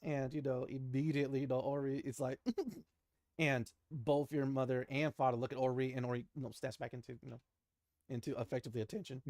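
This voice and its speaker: A man's voice: medium pitch, little pitch movement, brisk, darkish tone, no room sound. Man game master, casual narration, filler-heavy, dry close sound, tabletop game. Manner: casual, laughing, many fillers.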